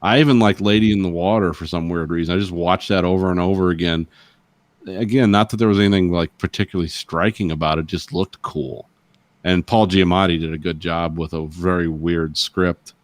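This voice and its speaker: Low-voiced podcast guy, rambling and sarcastic, dry close sound. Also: fairly even intonation, brisk, no room sound. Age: adult with a child. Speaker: podcast co-host. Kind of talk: casual chat.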